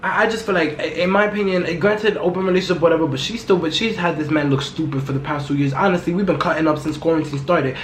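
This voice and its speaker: Speaking fast with hardly a pause, this low-pitched podcast host is loud and blunt, chatting casually, gossiping and cursing straight into the mic. Her voice bounces around an empty, echoey room over a faint background hum.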